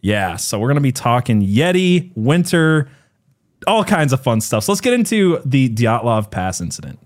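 A man's voice: mid-range voice, sing-song, normal speed. A man hosting a podcast in a casual, jokey way, laughing often and chatting with his co-host.

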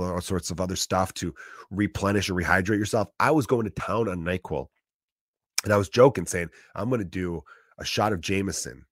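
A man's voice: on the low side, dry recording, studio quality. A man in his thirties with a profane, rambling style in a casual comedic monologue.

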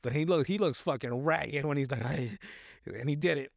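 A man's voice: fairly high pitch, moderate pace, vocal fry, dry recording, studio quality. Rambling, profane man recapping a movie. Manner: rambling, profane, acts out quotes. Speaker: podcast co-host.

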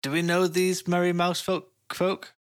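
A man's voice: monotone, moderate pace, clean tone, close to an everyday voice. Man playing a jittery, panicky male adventurer. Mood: puzzled. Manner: shrill panicky outbursts.

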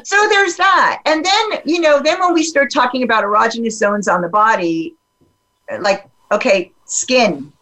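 A woman talking openly in a casual podcast conversation, animated and full of fillers and restarts. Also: fairly high pitch, measured pace, low-quality recording.

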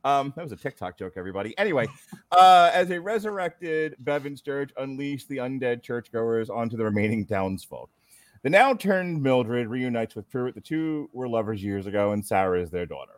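A podcast host reads through a story recap in a casual, wry way, dropping sarcastic comments as he goes. His voice sits at an ordinary middle pitch. The sound is dry and close, with no room around it. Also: lively intonation, moderate pace, no room sound. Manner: wry, sarcastic, laughs while reading. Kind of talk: reading a plot recap with casual asides.

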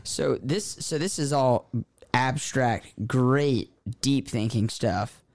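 A man with a dark, mellow tone, recorded dry and close. He co-hosts the conversation, telling a story in halting bits and circling back over his own words. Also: mid-range voice, dry recording. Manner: halting, repeats himself while telling a story. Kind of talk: conversational interview.

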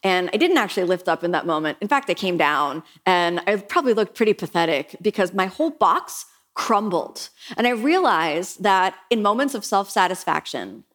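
A middle-aged woman yoga teacher who speaks earnestly and reflectively, lifting into lively voices when she quotes herself. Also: fairly low pitch, moderate pace, few pauses. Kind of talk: reflective podcast monologue.

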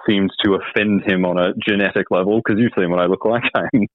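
A man's voice: deep voice, fairly even intonation, brisk, no room sound. A man telling a dating story as a guest, wry and hesitant with many ums. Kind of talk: casual storytelling. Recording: tinny phone line.

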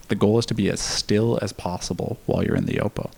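A man's voice: fairly low pitch, steady tone, fast talker, creaky, warm tone, breathy edge. A man telling a candid personal story in casual conversation, laughing now and then and swearing freely. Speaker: podcast guest.

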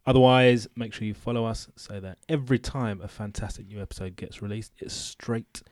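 A man hosting a chatty podcast, joking with his co-hosts and giving listener shout-outs. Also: lowish voice, fairly even intonation, brisk, no room sound, studio quality. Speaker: podcast host. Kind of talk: casual chat.

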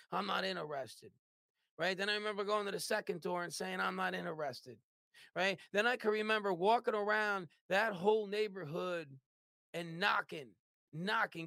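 A business owner telling his life story in an interview, animated and forever checking in with "right?". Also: sits high, no room sound, studio quality. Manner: animated, tags lines with "right?".

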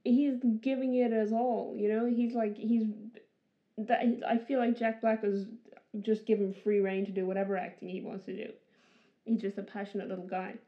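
Woman co-host, mid-pitched, chatty and loose, lo-fi podcast sound. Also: little pitch movement, moderate pace. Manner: chatty, laughs often, many fillers. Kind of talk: casual chat.

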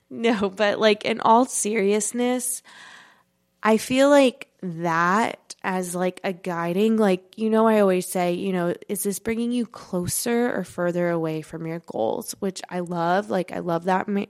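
Young adult woman, mid-pitched voice, solo podcast host; congested and a little breathless, loose chatty delivery full of fillers. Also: measured pace. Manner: rambling, many "like" and "you know" fillers. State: stuffy nose; slightly out of breath. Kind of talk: casual podcast monologue.

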